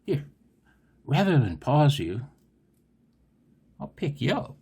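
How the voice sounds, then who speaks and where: A man with a strained throat rambles through a loose radio-hobby monologue, silly and laughing often. His voice is gravelly, husky and lowish, and he talks at an unhurried, drawn-out pace. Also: very animated, dark tone. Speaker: amateur radio vlogger.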